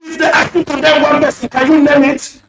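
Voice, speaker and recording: A man's voice: extremely high pitch, little pitch movement, a little fast, creaky, noisy background. A man calling in to a radio show, speaking fiercely and accusingly with lots of repetition. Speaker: caller. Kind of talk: impassioned radio call-in speech. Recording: echoey distant lo-fi phone line.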